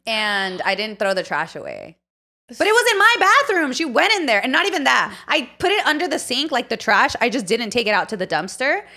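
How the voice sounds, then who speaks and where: A young woman co-hosting a podcast, telling a story with big swings in pitch and a bright, forceful tone. She talks casually, swears freely and mixes Spanish phrases into her talk. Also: big pitch swings, fairly quick. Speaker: podcast co-host. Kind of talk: casual chat.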